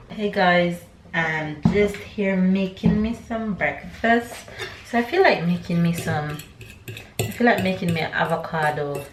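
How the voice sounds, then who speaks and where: A woman's voice: low voice, slight background noise. A young woman vlogging to the camera, chatting away and narrating each step as she makes breakfast at home. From Jamaica. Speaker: family vlogger. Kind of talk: casual chat to camera. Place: home kitchen. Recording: echoey kitchen with clattering dishes.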